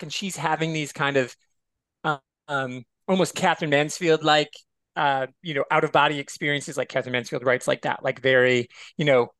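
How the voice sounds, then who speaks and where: A man's voice: fairly high pitch, fairly bright tone, no echo. A man guesting on a podcast, chatting casually and expressively and swearing freely. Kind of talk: casual chat.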